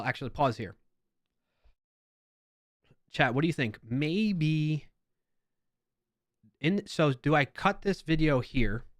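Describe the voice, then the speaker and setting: A man's voice: fairly high pitch, fairly bright tone, dry recording. A man with a New York accent hosting a casual live stream, reading viewer comments aloud with playful emphasis and chatting as he goes.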